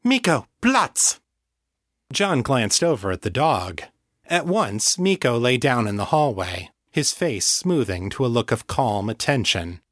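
A man reading fiction aloud as an audiobook narrator, in a measured, deliberate way. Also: mid-range voice, sing-song, dry recording, clean studio sound. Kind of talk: scripted narration.

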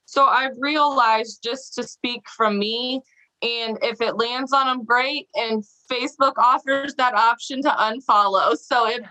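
A woman's voice: a little high, fairly even intonation, measured pace, sharp tone, rough recording. A woman guest on a casual podcast interview, bubbly and laughing often, acting out quoted voices as she tells her story. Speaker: podcast guest, small business owner.

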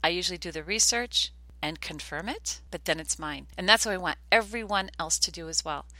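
Older woman, podcast host, earnest chatty storyteller, lowish bright voice, dry sound. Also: fairly quick, no echo. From United States. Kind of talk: casual podcast talk.

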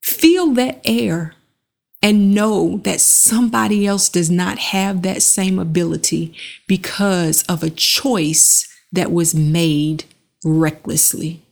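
Speaking in a fairly low, gravelly voice, a woman leads a slow-breathing exercise as an earnest, measured reflection, pausing after each phrase.

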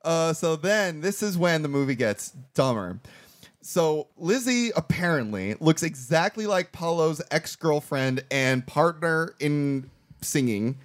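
A man's voice: fairly high pitch, measured pace. A man hosting a podcast who recaps a movie in casual, jokey, profane chat. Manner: animated, profane, jokey storytelling. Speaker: podcast host.

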